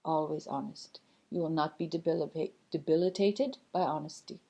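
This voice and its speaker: A gentle spirit guide speaks through a woman, teaching slowly and patiently with frequent pauses. The voice sits a little low and sounds soft and mellow. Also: fairly even intonation. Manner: slow, measured, gently instructive, many pauses. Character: collective loving spirit guide, calm and teaching. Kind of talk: channeled spiritual message.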